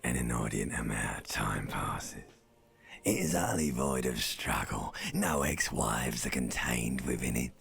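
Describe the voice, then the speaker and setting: An actor voicing a gruff rasping inner voice with a rough near-Cockney accent, gravelly and husky, speaking slowly in a hushed, menacing way. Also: male voice, a bass voice, soft background music, heavily acted. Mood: brooding. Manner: slow, menacing hushed delivery.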